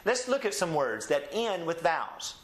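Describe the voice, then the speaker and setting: A man teaching a Spanish pronunciation lesson, saying each model word slowly and asking the listener to repeat it. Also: on the high side, very animated, fairly bright tone. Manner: slow drilled model pronunciations with call-and-repeat prompts. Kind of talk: recorded classroom lesson. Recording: echoey room.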